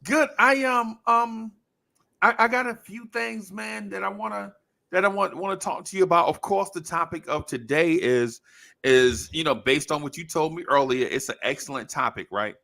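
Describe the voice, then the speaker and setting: Man co-host, gravelly and bright, slangy casual talk with lots of "um" and restarts. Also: sits high, moderate pace. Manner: relaxed, hesitant, filler-heavy, slangy. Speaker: podcast co-host. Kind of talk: casual chat.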